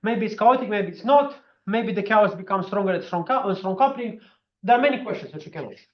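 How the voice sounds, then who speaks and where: A man gives a seminar talk with a high, very lively voice. His speech is animated and full of fillers. The sound is dull and lo-fi, in a roomy, echoing space. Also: brisk. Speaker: physics speaker. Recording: echoey room, dull lo-fi sound.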